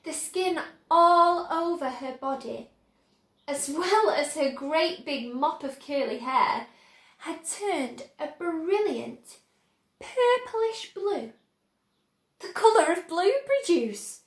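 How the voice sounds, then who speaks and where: A woman reading a children's book aloud, slow and expressive. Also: very high-pitched, echoey room. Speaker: storyteller.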